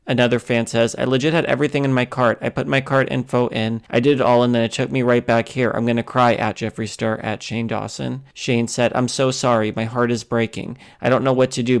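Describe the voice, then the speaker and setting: A man's voice: medium pitch, clean tone. A man hosting a commentary video, reading posts aloud and giving his own thoughts in a casual way. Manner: reads quoted posts loudly, then talks casually with fillers. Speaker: commentary channel host.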